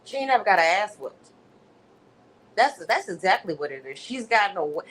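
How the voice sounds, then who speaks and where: Animated, profane woman livestreamer. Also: mid-range voice, moderate pace, poor audio. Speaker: livestream host. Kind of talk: casual livestream commentary.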